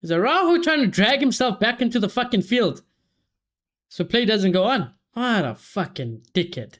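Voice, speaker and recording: A young man hosting a live football watchalong, reacting excitedly, swearing heavily and shouting when his team scores. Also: very high-pitched, normal speed. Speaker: watchalong streamer.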